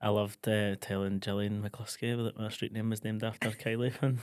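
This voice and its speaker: A man's voice: lowish voice, level tone, moderate pace, darkish tone, smooth, dry recording, clean studio sound. A young Scottish man co-hosting a podcast in casual, jokey chat, acting out the exchanges he retells. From Scotland. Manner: chatty, jokey, acts out quoted exchanges. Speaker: podcast co-host.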